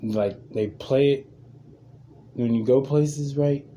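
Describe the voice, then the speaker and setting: A man's voice: medium pitch, takes it slowly, mellow, dull audio, slight background noise. A man riffing alone on his podcast, rambling, repeating himself, laughing often and cursing freely. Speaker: podcast host. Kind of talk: casual podcast monologue.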